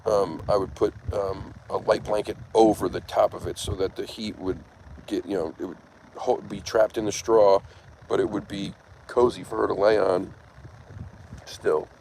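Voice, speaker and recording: A man casually chatting on a livestream in a halting, meandering way full of ums, gently coaxing a cat at times, recorded outdoors. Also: on the low side, fairly even intonation. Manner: coaxing and tender when speaking to a cat. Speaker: livestream host. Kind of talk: casual rambling livestream chat. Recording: noisy outdoor recording with passing traffic.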